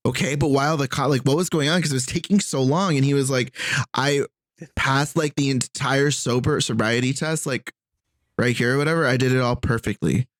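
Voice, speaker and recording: A man co-hosting a podcast, telling a story in a relaxed, rambling way with lots of filler words. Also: mid-range voice, fairly quick, dry recording, studio quality. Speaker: podcast co-host. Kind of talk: casual chat.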